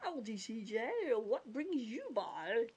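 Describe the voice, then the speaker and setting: A woman's voice: on the high side, big pitch swings, slow pace, darkish tone, husky, exaggerated voice. A woman voicing a bumbling, forgetful male cartoon dog in a folksy put-on accent, reading game dialogue aloud. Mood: friendly.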